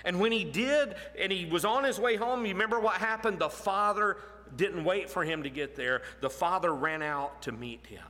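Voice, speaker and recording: Earnest preacher man in a reverberant hall. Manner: earnest, drops low and soft for emphasis, slow deliberate phrasing. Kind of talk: sermon.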